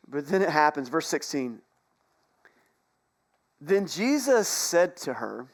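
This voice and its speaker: A man with a slightly high voice delivers a sermon in a church sanctuary. He tells the story in a conversational way, slipping in playful asides and quick jokes as he goes. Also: expressive, fairly bright tone. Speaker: pastor.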